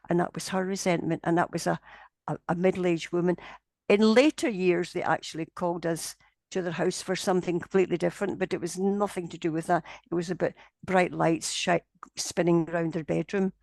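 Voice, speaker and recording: A woman's voice: fairly low pitch, fairly quick, vocal fry, no room sound. A woman, telling a long story in an interview and acting out the people in it. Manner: animated storyteller, voicing the people in her tale. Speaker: interviewee, paranormal investigator.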